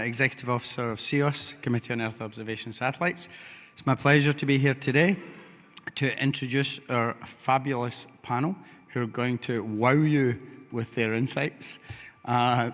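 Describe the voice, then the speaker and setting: A man's voice: medium pitch, a bit bright. A man with a Scottish accent moderating a conference panel, introducing speakers in an upbeat, joking way. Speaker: session moderator. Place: large conference hall. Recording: long hall reverb.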